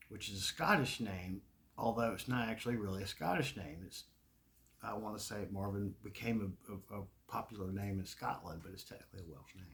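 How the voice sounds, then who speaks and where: A man's voice: on the low side, gravelly, a bit bright. A man with a Southern US accent, talking in a rambling, profane casual monologue and laughing often. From American South. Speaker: video creator.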